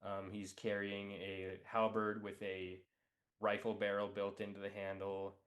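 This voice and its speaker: A man's voice: lowish voice, monotone, measured pace, a bit bright. A man playing a tabletop role-playing game, describing his character with a hesitant, filler-heavy delivery. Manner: hesitant, many ums and likes. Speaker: player.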